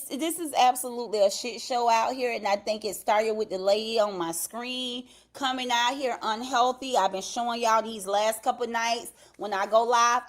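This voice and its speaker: A woman hosting a casual livestream from her home, talking straight to her chat viewers, laughing and swearing freely into her computer mic. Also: fairly high pitch. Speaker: livestream commentary host. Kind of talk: casual live commentary to chat. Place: at home, upstairs.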